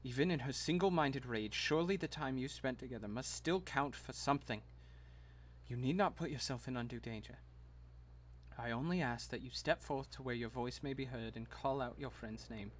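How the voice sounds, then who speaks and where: A man voicing a grave official who pleads in a low, earnest, measured way. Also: lightly acted.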